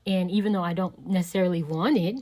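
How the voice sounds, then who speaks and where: A woman hosts a relaxed podcast conversation in a slightly low voice. She muses slowly and reflectively, wandering through her thoughts with plenty of casual fillers. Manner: reflective, meandering, many "you know" fillers. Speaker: podcast host.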